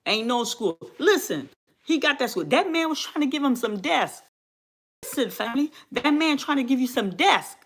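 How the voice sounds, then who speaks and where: A woman's voice: high-pitched, sing-song, moderate pace, a bit bright, slightly rough. Fiery woman ranting on a livestream. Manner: fiery, repetitive, exclamatory, talks back to chat. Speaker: livestream host. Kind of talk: heated livestream rant.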